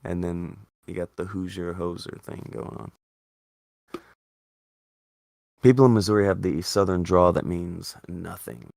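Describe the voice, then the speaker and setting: A man hosts a casual chat show in a deep, gravelly voice. He argues animatedly and swears freely, his pitch leaping up when he pushes back. The sound is close and dry. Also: measured pace, pauses often, a little mellow, no echo. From Indiana. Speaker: podcast host.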